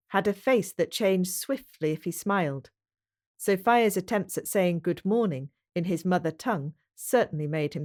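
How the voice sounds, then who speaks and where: A woman's voice: lowish voice, darkish tone. Woman narrating a pioneer novel. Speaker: audiobook narrator. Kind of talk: storybook narration.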